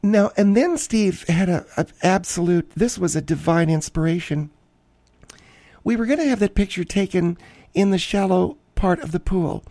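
A man's voice: high-pitched, normal speed, mellow, no room sound. A man voicing a flamboyant, self-absorbed woman podcast host who rambles theatrically and gushes about herself. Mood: gushing. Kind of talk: comic character monologue.

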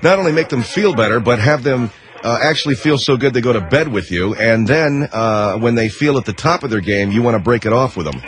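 A man's voice: medium pitch, animated, a little fast, low-quality recording. A man hosting a radio call-in show, needling his guest and setting up the story. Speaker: radio talk show host.

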